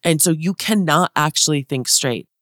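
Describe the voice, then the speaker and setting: A woman's voice: deep voice, normal speed, fairly bright tone, dry recording, clean studio sound. A woman in her thirties hosting a motivational podcast, talking to listeners in an upbeat, chatty, direct way. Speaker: podcast host and business consultant.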